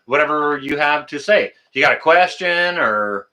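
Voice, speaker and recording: Hosting a laid-back livestream, this Canadian man speaks at a normal pace with a bright, sharp, fairly high voice. He bursts into excited exclamations between runs of "uh"s.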